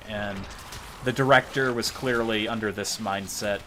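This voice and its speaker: Bright-voiced joking American streamer man. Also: on the low side, steady tone, measured pace, a little hiss or hum. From United States. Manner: joking, rambling, laughs often, swears casually. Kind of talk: casual gaming livestream chat.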